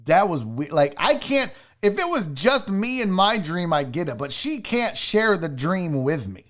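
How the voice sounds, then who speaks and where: Animated man telling a spooky story. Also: high voice, measured pace. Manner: animated storyteller who swears casually. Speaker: sports show host. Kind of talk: casual livestream storytelling.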